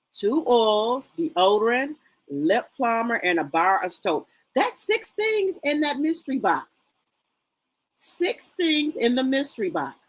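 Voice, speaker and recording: A woman's voice: on the high side, a bit bright, low-quality recording. A middle-aged woman hosting a casual livestream, greeting viewers by name and chatting loosely with lots of fillers. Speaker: livestream host. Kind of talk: casual live chat reading viewer comments.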